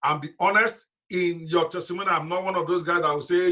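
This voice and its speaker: A man's voice: high-pitched, fairly even intonation, a little fast, hardly any pauses, pushed and bright. A man leading a live online business seminar, talking directly and emphatically to his audience over a video call.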